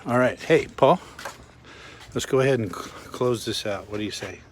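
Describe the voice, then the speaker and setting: A man's voice: medium pitch, moderate pace, a little hiss or hum. A man hosting a casual walking vlog outdoors along a waterfront, giving chatty, joking tour-guide commentary. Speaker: vlog host.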